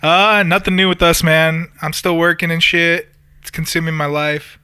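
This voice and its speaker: A man hosting a casual podcast, teasing his guests with joking banter. His voice is bright and forceful, slightly higher than average. The recording is dry and close to the mic. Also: little pitch movement, moderate pace, smooth, no room sound. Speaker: podcast host.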